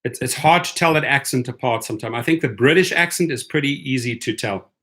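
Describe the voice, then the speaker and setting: A chatty middle-aged man with a South African accent hosts a live stream. His voice is bright and clear, and he sounds upbeat as he reads viewers' names and comments and hums bits of songs along the way. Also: mid-range voice, fast. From born in the United States, raised in Europe and South Africa. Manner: chatty, upbeat, greets viewers by name, sings snatches of songs. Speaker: livestream host reading viewer comments. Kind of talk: casual live-stream chat.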